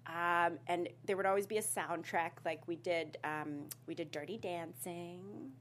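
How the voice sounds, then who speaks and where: A woman's voice: fairly low pitch, measured pace. A young woman from South Africa with a light South African twang in her North American speech, chatting as an interview guest and laughing often. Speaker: actress guest. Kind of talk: casual interview.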